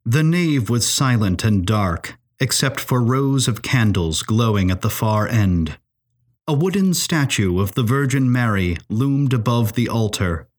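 Guy narrating a mystery story, lots of pitch movement, measured pace. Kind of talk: audio drama story narration.

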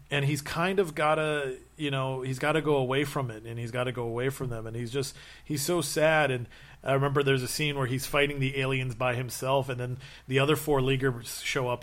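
A man in casual chat, telling long stories with many fillers and restarts and acting out quotes. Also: mid-range voice. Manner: rambling, animated storytelling with acted-out quotes.

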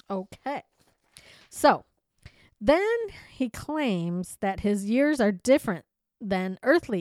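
A woman's voice: medium pitch, no echo. A woman hosting a podcast in casual chat. She reads a strange story aloud, riffs on it and laughs often. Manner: chatty, playful, laughs often. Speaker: podcast host.

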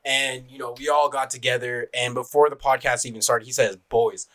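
A man's voice: medium pitch, fairly even intonation, fairly quick, a bit bright, rough recording. A young man hosting a podcast, telling a rambling story to friends with profane asides and laughter. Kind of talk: casual storytelling among friends.

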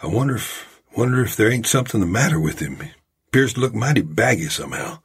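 A wily frontier gambler speaks in an easy, careless drawl, played by a man. His voice is low, rough and very husky. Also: lively intonation, fast talker, exaggerated voice. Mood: easygoing.

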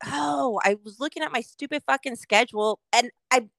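A woman from California rants her way through a casual podcast chat, swearing constantly and quoting her own exasperated reactions. Her voice is bright and a little high. The sound is dry and close, with no room around it. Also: moderate pace, gravelly, no echo. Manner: ranting, heavy swearing, quotes herself. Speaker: podcast co-host.

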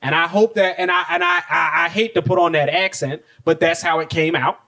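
A young man chatting on a podcast with a fairly high voice. He tells stories in an animated way and jumps into other people's voices for the quotes, cursing casually as he goes. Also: brisk. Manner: animated storyteller, acts out quotes, swears. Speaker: podcast co-host. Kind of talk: casual chat.

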